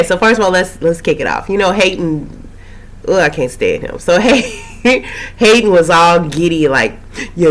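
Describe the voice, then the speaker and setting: A woman recapping a TV episode in a casual, rambling way, her voice slightly hoarse after a cold. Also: sits low. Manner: chatty, rambling, with frequent fillers and asides. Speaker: TV recap host.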